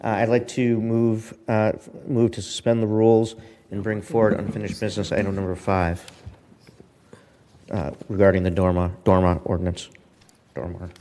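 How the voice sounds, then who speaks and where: A lowish male voice with a Boston accent, moving motions in a formal council setting. He hesitates now and then and restarts. The chamber adds a long reverb tail. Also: little pitch movement, moderate pace, warm tone. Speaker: vice mayor.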